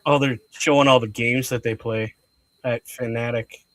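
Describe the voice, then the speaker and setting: A man co-hosting a live watch-along show, eager and excitable, laughing often. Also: medium pitch, moderate pace, no echo. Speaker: co-host.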